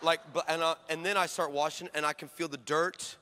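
A young man preaching a sermon to a live audience, telling a story with animated swings between shouting and hushed asides. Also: a little high, fairly quick. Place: large hall with live audience.

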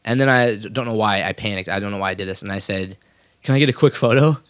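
A man hosting a podcast who tells stories with lively energy. He slips into other people's voices for quotes. The sound is dry and close, with no room echo. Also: lowish voice, fast, clean tone. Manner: animated storyteller, acts out quotes in a raised voice. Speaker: podcast host. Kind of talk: casual chat.

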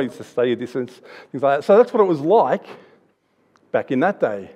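A man's voice: on the high side, big pitch swings, fairly quick, darkish tone, highs cut off. A man in his thirties with an Australian accent, giving a chatty, anecdotal church sermon with restarts. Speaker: preacher.

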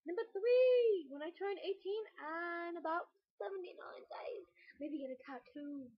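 A teenage girl chatting casually and rambling excitedly in a home vlog, giggling often. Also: very high-pitched, normal speed. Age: late teens. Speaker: vlogger. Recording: dull lo-fi home video audio.

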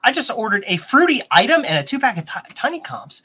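A rambling, chatty man hosts a casual live stream with a bright, forward tone. He wanders between explanations and viewer comments, and now and then his pitch jumps up with excitement. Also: a little fast, slightly rough. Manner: excitable, bursts into higher pitch. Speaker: host of a vintage computer stream.

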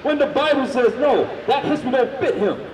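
A man street preaching, loudly firing questions at the crowd and drilling his points home. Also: extremely high pitch, expressive, fairly quick, a little hiss or hum. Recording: echoey, from far off.

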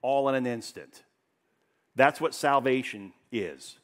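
A man preaching to his congregation, his medium-pitched voice climbing to loud, emphatic peaks. He then drops into hushed, low passages to drive his points home. It sounds like a live church sermon. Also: slow. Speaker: pastor.

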